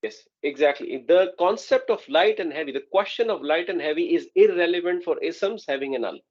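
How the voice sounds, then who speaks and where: A man's voice: fairly high pitch, animated, brisk, darkish tone, muffled recording. A man teaching an Arabic grammar class online, explaining patiently and often checking that students follow.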